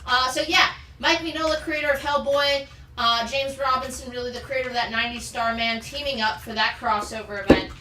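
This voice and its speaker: A woman's voice: fairly high pitch, fairly even intonation, a little fast, far from the mic. A woman hosting a live comic sales show, chatty and enthusiastic as she rattles off issue details and prices. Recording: roomy, off-mic, faint background noise.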